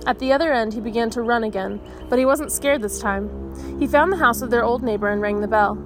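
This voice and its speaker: A woman reading a children's novel aloud, expressive, giving the dialogue its own voices. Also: fairly high pitch, fairly quick, over music. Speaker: audiobook reader.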